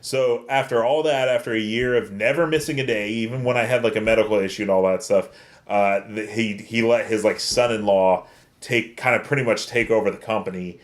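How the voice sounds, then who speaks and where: A man's voice: on the low side, fairly even intonation, a little fast. A man co-hosting a casual chat, talking in a rambling way full of fillers. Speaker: co-host.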